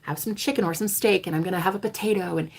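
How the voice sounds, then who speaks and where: Husky woman preaching self-belief on her vlog. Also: on the low side, quick pace. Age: 30s. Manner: dramatic, swings between loud declarations and hushed asides, swears freely. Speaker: spiritual coach vlogger. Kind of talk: casual spiritual vlog monologue.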